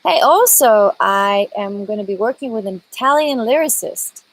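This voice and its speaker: A woman's voice: mid-range voice, expressive, moderate pace, a little hiss or hum, low-quality recording. A woman singer chatting casually with viewers on a live stream, greeting them by name and talking with lots of fillers. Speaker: singer hosting a live chat.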